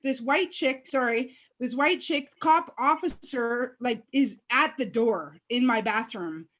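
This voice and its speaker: A woman telling a story in casual chat, excitable and profane, shouting the heated moments. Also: fairly high pitch, a little slow.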